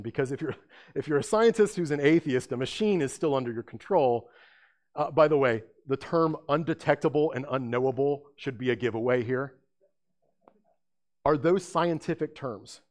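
A man delivering a talk in the manner of a sermon, mid-pitched and conversational. He keeps it lively, turning to his listeners with questions. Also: moderate pace. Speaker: speaker presenting apologetics. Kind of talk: lecture-style sermon talk.

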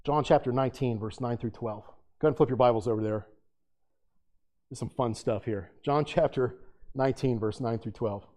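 A man's voice: medium pitch, moderate pace, darkish tone. A man preaching a sermon in a dramatic style, firing off repeated rhetorical questions and acting out the quotes he reads. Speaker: pastor.

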